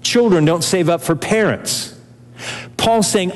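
A man's voice: high-pitched, slow. Older male pastor preaching in a reverberant hall. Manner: earnest expository preaching, shifting pace. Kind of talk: sermon.

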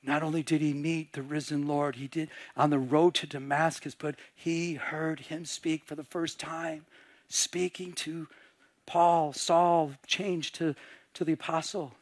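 A man with a fairly high voice preaches with animation, dropping into hushed voices as he acts out little scenes. The sound is dry and close, with no room around it. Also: flat delivery, measured pace, dry recording. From Michigan. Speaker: pastor. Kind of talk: sermon.

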